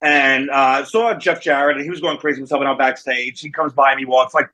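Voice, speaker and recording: A man's voice: mid-range voice, steady tone, brisk, few pauses, bright, forceful tone, poor audio. A man with a New Jersey accent, a wrestling manager and guest, telling stories in a casual interview over a remote call. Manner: storytelling, acting out quoted voices.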